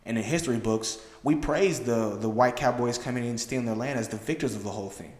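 A man's voice: medium pitch, fast, a little mellow. A man hosting a podcast, speaking reflectively and emphatically in casual discussion and often checking in with "right?". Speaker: podcast host. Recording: roomy with long reverb.

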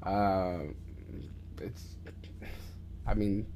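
A man hosting a podcast with his son, telling stories in a loose, rambling way with many restarts and plenty of swearing. He gets loud and animated when he reaches the fights. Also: fairly low pitch, extremely slow, a little hiss or hum. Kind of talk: casual storytelling chat.

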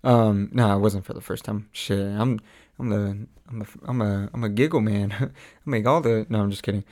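A young man casually chatting to his audience, rambling with many fillers, frequent laughs and animated quoted lines. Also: fairly low pitch, moderate pace. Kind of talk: casual chat.

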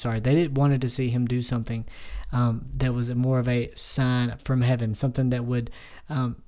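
Warm-voiced man teaching scripture. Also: mid-range voice. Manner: reads scripture then explains it conversationally; relaxed with frequent fillers and restarts. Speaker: Bible teacher. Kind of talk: casual Bible devotional talk.

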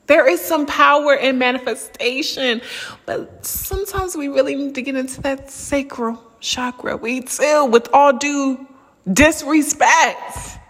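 A woman in her thirties talking casually to viewers, bawdy and laughing, with drawn-out swooning sighs. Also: sits high, fairly bright tone, long reverb tail. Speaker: vlogger. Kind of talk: casual monologue.

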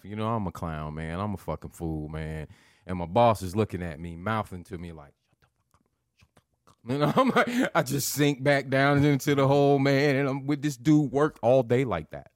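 A man with a fairly low voice spins a crude, laughing story in loose casual conversation. He swears constantly and throws in big animated shifts when he quotes people. The sound is dry and close. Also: dry recording.

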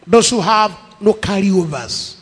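High, husky Nigerian preacher. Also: male voice, animated, unhurried. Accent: Nigerian English. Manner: emphatic preaching with repeated phrases. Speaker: pastor. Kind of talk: sermon. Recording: long echo of a large hall.

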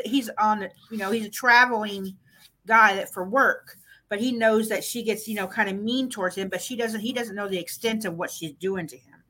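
A woman filling in as podcast co-host, talking casually in a blunt, expressive way and swearing freely. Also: mid-range voice. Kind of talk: casual chat.

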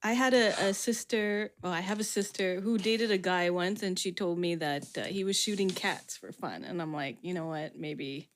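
Woman co-host with clear noise behind. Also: medium pitch. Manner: quick reactions, wry asides. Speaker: podcast co-host. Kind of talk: casual podcast chat.

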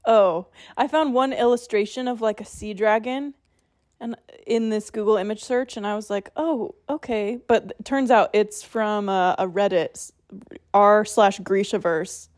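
A woman's voice: medium pitch, steady tone, a little mellow, dry recording, studio quality. A woman co-hosting a podcast in casual chat, talkative and laughing easily. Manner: chatty, laughs often, quick asides. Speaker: podcast co-host.

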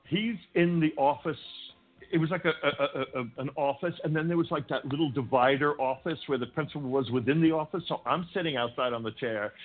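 An older man, a podcast guest, telling wild stories from his youth in a casual interview, stammering through restarts and acting out the people he quotes. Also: mid-range voice. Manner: animated storyteller, acts out quotes with shouting, stammering restarts. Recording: tinny phone-like line.

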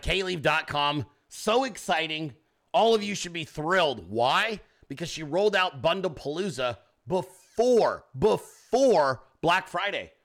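A man's voice: on the high side, pushed and bright. A man hosting a podcast, ranting and mocking in a casual, profane way. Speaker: podcast host.

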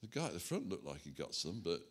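A man preaching a sermon, animated and self-mocking, chatting with the congregation as he works through a demonstration. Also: low-pitched, fast talker. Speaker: pastor. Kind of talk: sermon with props. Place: church hall.

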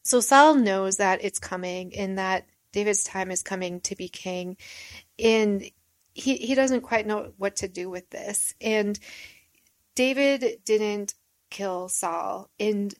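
A woman's voice: medium pitch, takes it slowly, dry recording. A woman leading a Bible study, reading verses and explaining them in a plain, reflective way with repeated points. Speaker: Bible teacher.

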